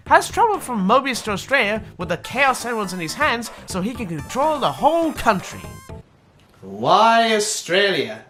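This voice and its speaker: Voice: mid-range voice, bright, forceful tone. A video reviewer giving casual, opinionated, sarcastic commentary.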